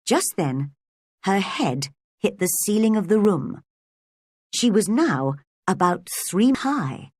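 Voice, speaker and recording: A woman narrating a storybook aloud in a slow, expressive reading. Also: medium pitch, no echo, clean studio sound. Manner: lively, expressive.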